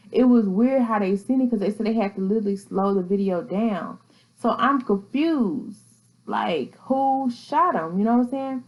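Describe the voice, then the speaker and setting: A woman's voice: mid-range voice, darkish tone, low-quality recording. A woman hosting a casual commentary vlog, talking in a chatty, slangy way and laughing easily. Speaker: vlogger host.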